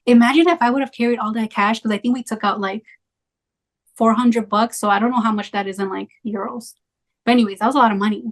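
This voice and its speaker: A young woman in casual conversation, telling a travel story in a chatty, animated way with lots of fillers. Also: a little high, fast. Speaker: travel creator.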